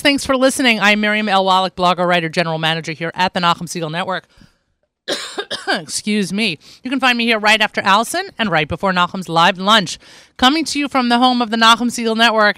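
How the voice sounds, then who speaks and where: A woman's voice: mid-range voice, expressive, fairly quick, sharp tone, clear, resonant tone, no echo. A woman hosting a morning radio show in an upbeat, chatty way, speaking into a studio microphone. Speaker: radio host.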